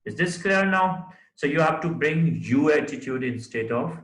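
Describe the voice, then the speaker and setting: A man's voice: fairly high pitch, lively intonation, moderate pace, a bit bright, echoey room, rough recording. A man teaching a lesson on formal letter writing, explaining step by step, with many fillers and frequent checks of "right?". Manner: writes on the board while talking. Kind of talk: recorded classroom lecture.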